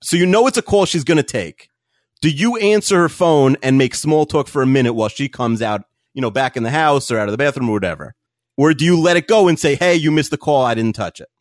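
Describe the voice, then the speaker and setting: A man co-hosting a podcast in casual chat, animated and rambling with lots of fillers. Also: mid-range voice, quick pace, no room sound, studio quality. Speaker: podcast co-host.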